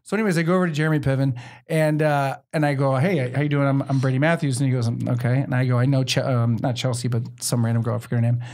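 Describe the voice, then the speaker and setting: A young man hosting a comedy podcast, telling a story quickly and acting out what people said. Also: medium pitch, fairly even intonation, a little mellow. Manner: fast storytelling, acts out quotes. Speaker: podcast host. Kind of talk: casual comedy chat.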